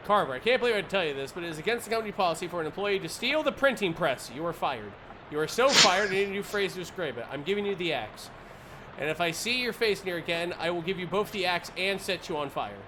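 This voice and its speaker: A man's voice: sits high, expressive, fast talker, noisy background. A man voicing a blustering male newspaper editor-in-chief, reading his firing notes in a brash, bossy way.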